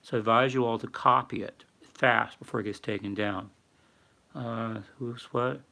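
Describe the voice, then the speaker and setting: A man's voice: medium pitch, fairly even intonation, normal speed, vocal fry, sharp tone. An older man hosting a casual livestream, rambling and reading viewer chat aloud with lots of fillers. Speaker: livestream host. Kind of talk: casual live-stream talk.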